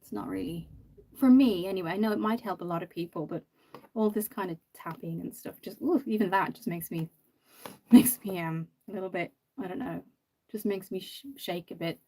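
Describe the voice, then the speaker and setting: A woman's voice: on the low side, fairly quick, warm tone. A woman hosting a makeup livestream, chatting casually and rambling with many ums while reading viewer comments. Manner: chatty, rambling, lots of ums and "you know".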